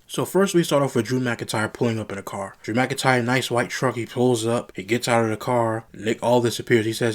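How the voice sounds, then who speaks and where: A man hosting his own show, casually recapping a wrestling broadcast in a rambling style, retelling the dialogue and lifting his voice when excited. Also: moderate pace, hardly any pauses. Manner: animated, rises in pitch when excited.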